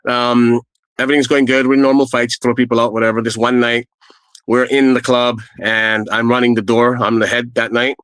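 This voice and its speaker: A man's voice: medium pitch, little pitch movement, normal speed, fairly bright tone, clear, resonant tone, no room sound, poor audio. Earnest man, dry close sound. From Canada. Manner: earnest, rambling anecdotes with fillers. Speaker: storyteller guest. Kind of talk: casual first-person storytelling.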